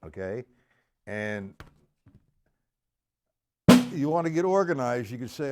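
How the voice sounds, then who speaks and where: Gruff drum teacher counting beats. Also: male voice, mid-range voice, big pitch swings, takes it slowly, pauses often, loud music behind the voice. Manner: counts beats aloud loudly, gruff asides and mild swearing. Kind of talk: live-streamed drum lesson.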